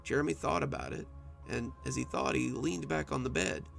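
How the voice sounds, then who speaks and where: A man reads a spooky story aloud in a gravelly, creaky voice, his pitch rising and falling dramatically through each line. Soft music plays faintly underneath the narration. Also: lively intonation, moderate pace.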